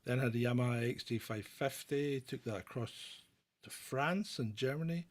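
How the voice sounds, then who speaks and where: A man's voice: medium pitch, moderate pace. A middle-aged man from Britain hosting a live question-and-answer chat, blunt and opinionated, rambling with restarts as he answers viewers.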